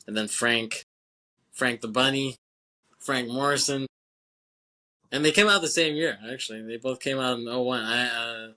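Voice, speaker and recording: A man's voice: mid-range voice, sharp tone. A man co-hosting a casual podcast chat, laughing often, swearing casually and acting out lines as he recaps a film. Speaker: podcast co-host.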